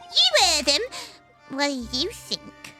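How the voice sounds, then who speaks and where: A woman's voice: high voice, wildly swooping pitch, slow pace, over music, exaggerated voice. A woman voicing a bossy, cheeky little girl while reading game dialogue aloud.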